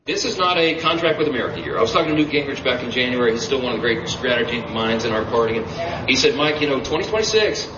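A man's voice: mid-range voice, fast. A man from Louisiana giving an emphatic campaign speech, often repeating words and asking the crowd questions. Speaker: politician speaking at a campaign event. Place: event hall. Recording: roomy, distant, dull with loud crowd noise.

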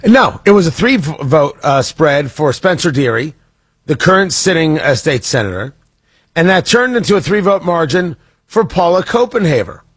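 A man's voice: a little high, big pitch swings, normal speed, slightly rough, no room sound. A man hosting a political talk radio show, speaking in a sarcastic, mocking monologue with frequent restarts.

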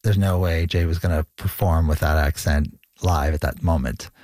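A man's voice: a bass voice, fairly even intonation, moderate pace, a little mellow, no echo, clean studio sound. A man being interviewed as a musician, speaking in an easygoing, agreeable way. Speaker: musician guest. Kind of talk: interview conversation.

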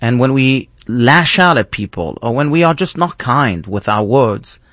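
A man's voice: mid-range voice, animated, measured pace, a bit bright, dry recording. A man, a rabbi, teaching thoughtfully in conversation and often restarting his phrases. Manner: thoughtful, earnest, with frequent restarts. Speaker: rabbi, guest.

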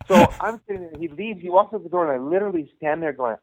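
A man's voice: high voice, lively intonation, quick pace, a little mellow. A middle-aged man and youth hockey coach, telling rambling anecdotes in a casual interview and acting out the dialogue he quotes. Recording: tinny phone line.

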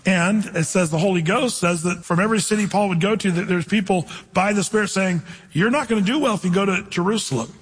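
A man's voice: sits high, fast talker, breathy edge, long reverb tail. A man preaching a sermon, teaching from the Bible in a conversational way with stories from his own life. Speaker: pastor.

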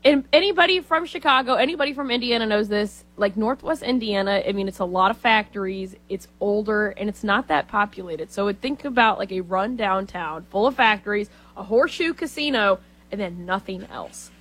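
Animated woman co-host. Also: medium pitch, fairly quick, hardly any pauses. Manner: animated, emphatic storytelling. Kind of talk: casual talk show chat.

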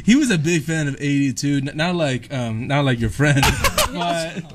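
A man's voice: a little high, animated, moderate pace. A young man telling a story in a casual chat, laughing between phrases.

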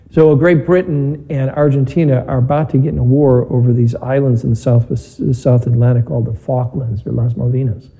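A man's voice: medium pitch, steady tone, normal speed, gravelly, hardly any pauses, warm tone, poor audio. A man, a priest, reading the Gospel and giving a conversational homily with stories in a church. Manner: conversational preaching with anecdotes. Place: church or chapel.

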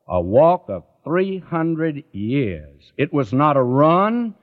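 A man's voice: a little high, very animated, slow. A man preaching a sermon in an earnest way, often turning to the listeners with direct questions. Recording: dull lo-fi recording.

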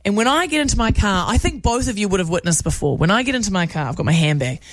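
A woman's voice: medium pitch, lively intonation, fast talker, no room sound. A woman, a radio host telling a self-mocking story in casual on-air chat.

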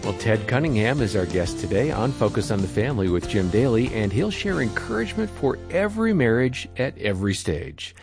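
A male radio co-host doing smooth, measured scripted announcements. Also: on the low side, sing-song. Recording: music bed underneath.

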